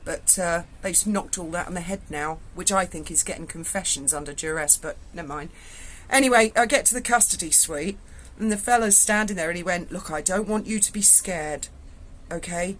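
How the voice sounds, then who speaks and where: A woman's voice: lowish voice, brisk, a bit bright. A woman, telling a frank, salty story to her viewers from indoors at home. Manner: chatty, frank and salty, with swearing. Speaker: vlogger.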